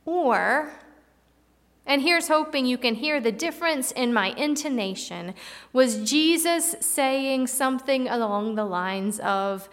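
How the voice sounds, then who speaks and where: A woman preacher giving a reflective sermon with dramatic pauses, in a church hall. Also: sits high, a bit bright. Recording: long hall reverb.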